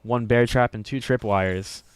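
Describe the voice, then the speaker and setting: A man calls a video game match play-by-play with upbeat energy and a running thread of self-mocking jokes. His voice is smooth and resonant at an ordinary male pitch. The recording is dry and close. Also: fairly even intonation, unhurried, no echo. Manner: upbeat, jokey, self-deprecating, chuckles often. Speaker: esports commentator.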